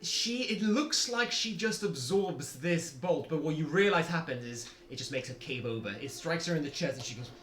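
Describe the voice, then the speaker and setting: Guy running a d&d stream, lively up and down voice, echoey room with some noise. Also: on the high side, normal speed, few pauses. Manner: chatty, laughing, descriptive. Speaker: game master. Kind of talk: live-streamed tabletop game narration.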